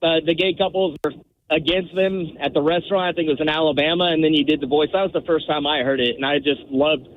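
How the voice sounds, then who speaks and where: A man phones in to a radio show, hesitant and apologetic, with lots of ums and restarts. His voice sits a bit high. It comes through a tinny phone line. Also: fairly even intonation, quick pace, a little hiss or hum. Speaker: radio caller. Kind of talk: casual phone call.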